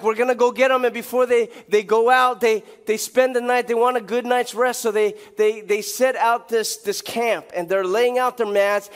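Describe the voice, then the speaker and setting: Animated high-voiced male pastor preaching. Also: long reverb tail. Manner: animated storytelling, acting out characters' lines. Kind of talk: sermon. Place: church sanctuary.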